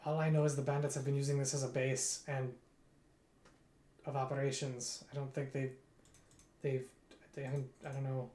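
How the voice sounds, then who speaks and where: A bewildered, underfed prisoner stammers in a Russian accent, as a man puts him on. The voice sits a bit higher and stumbles over its words. An echoey room surrounds it. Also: little pitch movement, warm tone, close to an everyday voice. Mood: uncertain. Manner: bewildered, halting. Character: weary, starved human male prisoner. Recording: roomy echo.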